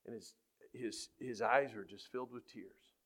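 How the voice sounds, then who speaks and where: A middle-aged high school football coach shares faith-based stories with a room, speaking at normal speed in a husky, medium-pitched voice. He's animated throughout and turns loud and punchy when acting out what people said.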